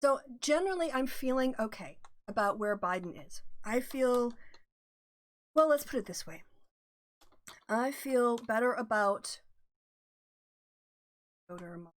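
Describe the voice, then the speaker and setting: Chatty middle-aged woman, higher voice. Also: animated, unhurried, pauses often. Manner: chatty, analytical, greets viewers in chat. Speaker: livestream host. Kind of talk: casual political livestream chat.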